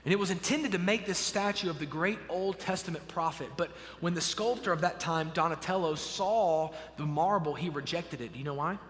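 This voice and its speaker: A man preaching a sermon as a pastor, telling a story with animated swells and hushed drops. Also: fairly high pitch, brisk, few pauses, in a large hall, slight background noise. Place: church sanctuary.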